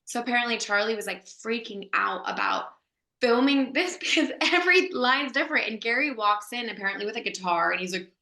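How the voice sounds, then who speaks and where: Bright, chatty woman in an echoey room. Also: on the high side, lively intonation, a little fast. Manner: chatty, lots of "like" fillers, laughs while telling. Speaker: guest actress. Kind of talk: animated anecdote storytelling.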